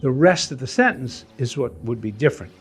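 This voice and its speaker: A man teaching writing in a casual, animated way, often acting out voices. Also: mid-range voice, a little fast, music in the background. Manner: animated, acts out voices and hums melodies.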